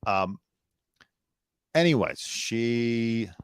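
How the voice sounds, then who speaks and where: A man's voice: mid-range voice, expressive, extremely slow, smooth, no echo, studio quality. A man hosting a live news commentary show, blunt, sarcastic and opinionated, talking loosely with fillers and asides.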